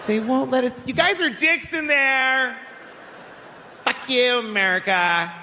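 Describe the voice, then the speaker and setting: A comedian voicing a loud, pleading man at a border with a put-on Mexican accent. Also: extremely high pitch, measured pace, pitched above the performer's own voice, full character voice. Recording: live hall, crowd noise.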